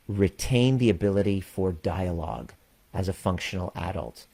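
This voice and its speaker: A man with a very low voice speaks candidly to his community, telling a story in plain words and swearing freely. He slows down to stress his main points, like a coach talking straight to his members. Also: gravelly, mellow. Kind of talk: personal story and address to a community.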